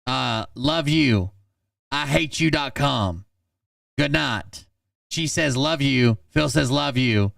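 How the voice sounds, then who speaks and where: A man hosting a channel, reading text messages aloud in a flat, deadpan way and adding blunt asides. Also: medium pitch, slow, vocal fry, no room sound, studio quality, far from the mic.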